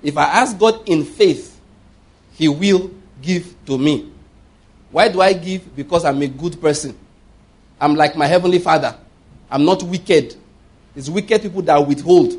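A man's voice: on the high side, unhurried, long pauses, slightly rough. A man in his fifties preaching a sermon with emphasis, repeating his points and checking that listeners follow.

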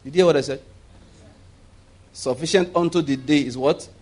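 A man's voice: on the high side, normal speed, darkish tone, slightly rough. Preacher man. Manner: asks the congregation if they hear him, leads call-and-response with laughs. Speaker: pastor. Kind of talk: sermon.

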